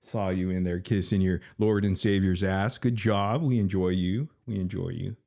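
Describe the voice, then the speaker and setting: Breathless male stream host with a deep voice and a sarcastic, taunting delivery. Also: fairly even intonation, moderate pace, vocal fry, warm tone. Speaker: livestream commentary host. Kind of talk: casual mocking commentary.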